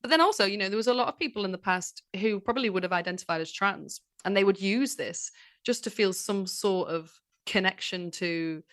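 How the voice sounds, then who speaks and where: A woman's voice: mid-range voice, brisk, no echo, studio quality. A woman with a Manchester accent, chatting enthusiastically as a podcast guest about history. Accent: Northern English, Manchester. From Manchester, England. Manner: enthusiastic, animated storyteller. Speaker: guest author. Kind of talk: casual podcast chat.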